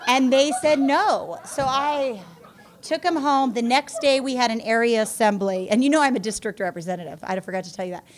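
Woman, adult mother, recovery testimony; candid, self-mocking, slightly high-pitched. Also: brisk. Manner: candid, self-mocking storytelling, laughing through it. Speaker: speaker sharing her story at a support group meeting.

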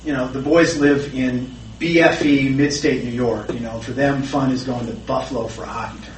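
A man's voice: mid-range voice, steady tone, a little fast, slight background noise. A middle-aged man sharing a candid, self-deprecating personal story at a recovery meeting. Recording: roomy, distant, faint background ambience.

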